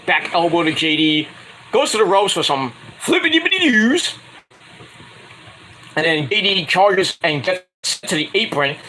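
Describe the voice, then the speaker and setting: A man's voice: on the high side, bright, forceful tone, a little hiss or hum, rough recording. A young man giving a crude, jokey, casual recap of a wrestling show, with loose play-by-play full of fillers.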